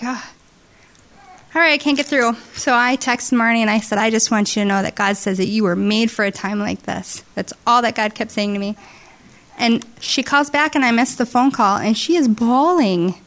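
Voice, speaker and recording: A woman giving an emotional, halting testimony to a church congregation, tearful and heartfelt. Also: a little high, a bit bright. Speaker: church member sharing testimony. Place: church service.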